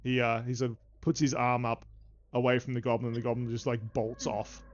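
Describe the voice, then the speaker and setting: A man's voice: medium pitch, little pitch movement, a little fast. A man narrating as game master in a tabletop game, casual and given to laughing. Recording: dull lo-fi stream audio.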